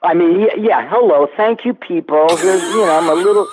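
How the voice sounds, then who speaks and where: A man in his seventies, a guest actor, telling stories in an animated, casual interview chat. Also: sits high, a little fast, background noise. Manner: animated storyteller. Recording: tinny phone-like line.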